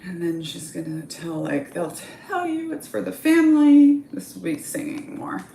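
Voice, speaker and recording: A woman's voice: on the low side, sing-song, moderate pace, vocal fry, dark tone, reverberant, slight background noise. A woman reading a comedy script aloud, with casual, offhand asides. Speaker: script reader.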